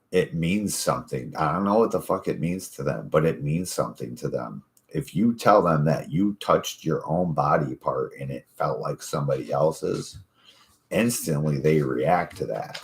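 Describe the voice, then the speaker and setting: Very deep-voiced man telling rambling stories. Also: gravelly. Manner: profane, rambling storyteller. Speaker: podcast host. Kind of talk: casual chat.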